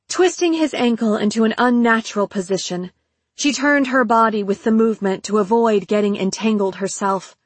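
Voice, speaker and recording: A woman reading a dramatic audiobook in a measured, deliberate way. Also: medium pitch, slightly rough, no echo. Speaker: audiobook narrator.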